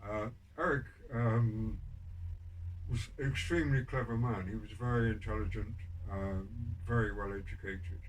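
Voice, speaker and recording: A man's voice: on the low side, fairly even intonation, moderate pace. Rambling older man, distant mic. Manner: rambling, many ums and restarts, dry wry humor. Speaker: podcast guest telling prison stories. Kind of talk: casual storytelling interview. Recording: distant mic with background noise.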